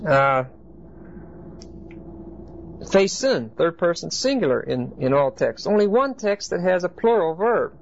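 A man with a fairly high, gravelly voice teaches a Bible study class at a measured pace, very animated and pausing often. He explains each point to the group and keeps checking in with his listeners. The recording is dull and lo-fi, with faint hiss behind it.

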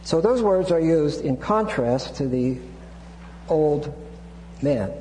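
Slow and expressive, a man's slightly high, dark-toned voice carries an expository sermon on Scripture. He digresses as he teaches, restarting again and again and bringing in Greek terms. The recording has hall echo and a hum.

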